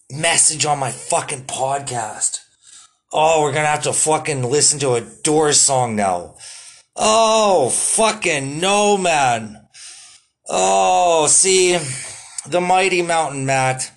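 A man hosting a casual solo podcast, laid-back and swearing constantly, with lots of fillers. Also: mid-range voice. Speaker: podcast host.

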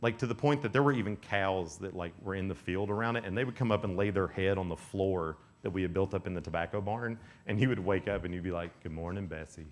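Man, 30s, youth pastor, animated sermon storytelling, acts out characters, slightly low voice. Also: fast talker, hardly any pauses, a little hiss or hum. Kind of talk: energetic camp sermon storytelling.

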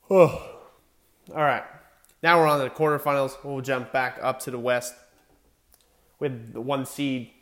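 A man's voice: medium pitch, level tone, normal speed, pauses often, a bit bright. Young guy rambling thru his hockey picks, chatty, keeps fixing himself, regular mid voice. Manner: chatty, self-correcting, stumbles over names. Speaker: sports commentator. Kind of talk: casual hockey playoff predictions.

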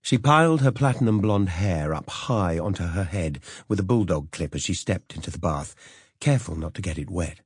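A man narrating an audiobook in a measured storytelling manner. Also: sits low, lively intonation, husky, no echo, clean studio sound. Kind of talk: scripted narration.

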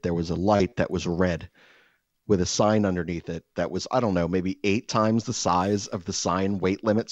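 A man telling a rambling, profane story in casual podcast chat, exasperated and animated. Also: low voice, dry recording, lo-fi sound.

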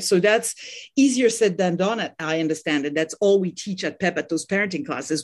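A woman's voice: fairly low pitch, breathy edge. A middle-aged woman from France with a French accent, a parenting coach speaking as a podcast guest. She talks earnestly and often repeats words while finding her thought. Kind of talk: podcast interview.

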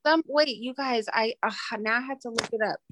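A woman's voice: fairly high pitch, a little fast, background noise. A young woman co-hosting a casual podcast, rambling and restarting her thoughts as she goes. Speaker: podcast co-host.

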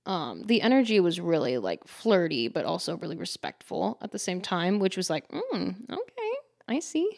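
A woman's voice: on the low side, normal speed, vocal fry, hardly any pauses, no room sound, clean studio sound. Woman, podcast host, casual storytelling, giggly, chatty, filler-heavy, playful quoted voices. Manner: dramatizes with lively quoted voices.

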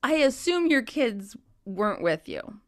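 A woman chatting casually, teasing her friend and quick to laugh. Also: on the high side, big pitch swings, no echo, clean studio sound. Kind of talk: casual chat.

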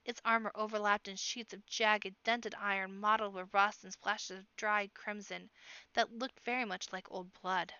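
A woman narrates a children's storybook with a bright, crisp voice. Her reading is expressive, and she does the characters' voices. The recording is dry and slightly dull, as from a home setup. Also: mid-range voice, normal speed, dry recording. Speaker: audiobook reader. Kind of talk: amateur audiobook narration.

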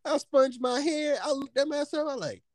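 A young man casually telling stories as a podcast co-host, in an animated, profane way, laughing often. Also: very high-pitched, normal speed, dry recording, clean studio sound. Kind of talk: casual storytelling.

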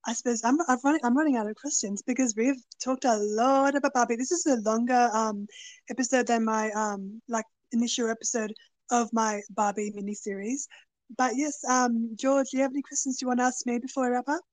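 A woman hosts a casual podcast interview, pausing often to find her words. Her voice sits a little high. The recording is dry and close. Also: steady tone, dry recording. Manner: hesitant, searches for words. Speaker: podcast host.

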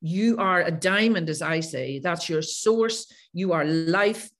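Woman coach telling stories on a podcast, lowish voice, acts out what people said. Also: slow pace. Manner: animated, acts out past conversations. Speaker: guest, coach who works with clients. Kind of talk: podcast interview storytelling.

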